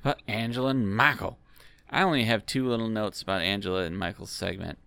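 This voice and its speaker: A man's voice: lowish voice, a little fast, gravelly, pushed and bright, clear, resonant tone, no room sound. A man co-hosting a casual recap podcast, wry and sarcastic, making crude jokes. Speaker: podcast co-host.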